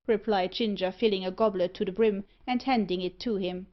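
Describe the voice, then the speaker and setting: A woman reading a classic novel aloud as an audiobook narrator, in measured storytelling. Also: mid-range voice, fairly even intonation. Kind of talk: scripted narration. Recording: muffled lo-fi audiobook recording.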